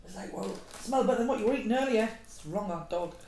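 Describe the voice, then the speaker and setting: A woman's voice: medium pitch, animated, rapid-fire, a little mellow. A woman hosting a casual home cooking vlog, chatty and self-mocking with frequent giggles. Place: home kitchen. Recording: echoey room, noisy background.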